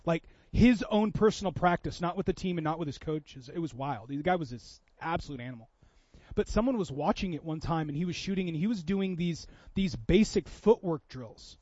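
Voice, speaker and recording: A man in his thirties preaching a sermon, telling stories with swings from loud bursts to quiet moments. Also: a little high, fairly quick, no echo, lo-fi sound. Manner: animated storytelling, swings from loud to soft. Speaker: pastor.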